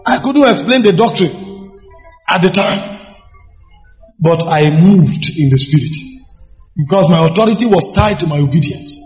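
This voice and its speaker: A man's voice: a little high, animated, measured pace, pauses often, faint music behind. A man preaching a sermon emphatically, with repeated phrases and rhetorical questions. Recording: echoey hall, dull sound.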